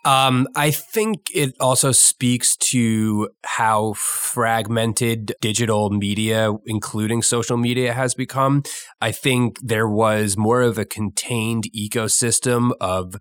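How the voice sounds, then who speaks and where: A man on a podcast panel, giving his view on digital media in a deliberate, reflective way. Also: medium pitch, steady tone, a bit bright, no echo, studio quality. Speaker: panelist analyst. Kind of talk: analytical discussion.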